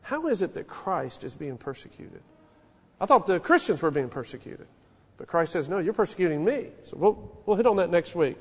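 A man in his forties preaching a sermon, telling stories with an animated, folksy manner. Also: high voice, normal speed, slightly rough. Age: 40s. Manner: storytelling, animated, folksy asides. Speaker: pastor. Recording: long hall reverb.

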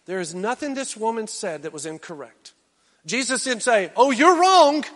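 A male pastor preaching a sermon, swinging from loud exhortation down to hushed, intense near-whispers. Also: sits high, animated, normal speed, long reverb tail.

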